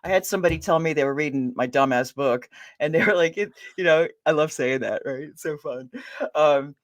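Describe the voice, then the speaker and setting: Woman author chatting in an interview, lowish voice, laughs easy. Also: fairly quick. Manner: chatty and laughing, restarts her sentences. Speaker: ghostwriter and author, interview guest. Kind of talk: casual interview answers.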